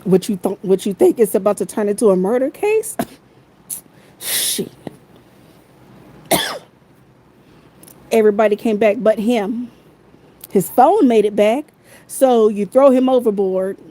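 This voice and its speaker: A woman's voice: mid-range voice, lively intonation, a little slow, pauses often, dark tone, rough recording. A woman in a heated, profane livestream rant, repeating her phrases over and over, talking into her phone.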